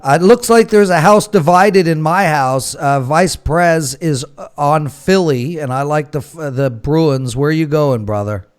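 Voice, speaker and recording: Animated ranting sports show host. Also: male voice, a little high, measured pace, few pauses, clear, resonant tone. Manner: animated ranting, swings loud and quiet. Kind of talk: sports betting panel talk.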